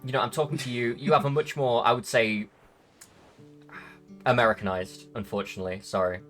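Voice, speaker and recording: A man's voice: mid-range voice, fairly even intonation, a little fast, a bit bright. Young male streamer, joking, crude, easygoing; light music bed behind him. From Britain. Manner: joking, profane, rambling. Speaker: stream host. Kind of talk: casual chat.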